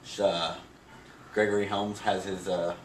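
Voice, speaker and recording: A man's voice: low voice, flat delivery, measured pace, far from the mic. A man co-hosting a casual chat, recapping events in a rambling way with lots of fillers. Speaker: podcast co-host. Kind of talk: casual chat about wrestling. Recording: echoey room, off-mic, faint noise.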